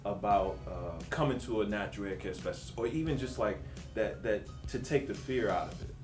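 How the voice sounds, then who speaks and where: A man who works in dermatology, talking casually on a panel and telling lively stories about patients. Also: a little fast. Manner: animated storyteller, acts out quotes with rising pitch. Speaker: physician assistant at a dermatology practice. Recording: roomy sound from a distant mic, faint music.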